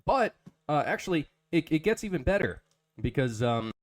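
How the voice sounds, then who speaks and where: A man hosting a casual podcast, talking in halting bursts with many restarts and fillers, reading an ad in a joking tone. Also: fairly high pitch, very animated. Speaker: podcast host.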